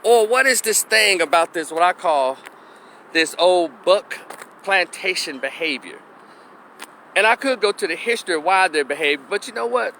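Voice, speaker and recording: A man's voice: high voice, expressive, moderate pace, bright, forceful tone, slight background noise. A middle-aged man from Memphis giving a blunt, opinionated monologue for his vlog, now and then acting out the voices he quotes. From Memphis, Tennessee. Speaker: opinion commentator.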